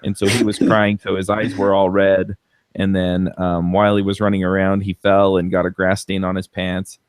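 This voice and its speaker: A man co-hosting a podcast, telling a story in a relaxed way with many fillers like "um" and "you know.". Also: sits low, moderate pace, clear, resonant tone, dry recording, studio quality. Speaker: podcast co-host. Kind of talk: casual podcast chat.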